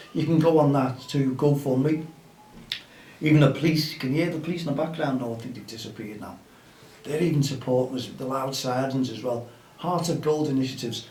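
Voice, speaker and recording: Hosting a grassroots football show, this man has a mid-range, darkish voice with a little background noise behind it. He's outdoors, slightly far from the mic in an echoey space, keeping the casual podcast chat upbeat and rallying his audience.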